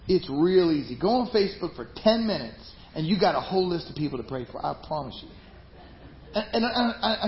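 A man preaching a sermon to his congregation, talking conversationally, with some passages loud and emphatic and others dropped to a hushed aside. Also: sits high, slight background noise. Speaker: pastor. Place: church sanctuary. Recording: roomy, slightly dull live church recording with faint ambience.

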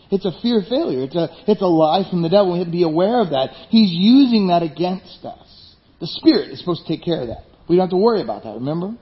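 A man preaching a conversational sermon as a pastor, often asking the congregation rhetorical questions. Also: sits high. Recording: dull lo-fi sound.

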